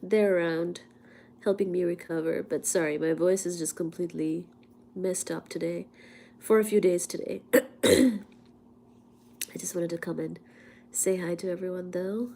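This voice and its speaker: A woman from India hosts a casual livestream from her home. She is hoarse from a cold, speaks softly, often slips into a whisper, and coughs now and then. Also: lowish voice, steady tone, moderate pace. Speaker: livestream host and physics teacher. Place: at home, indoors.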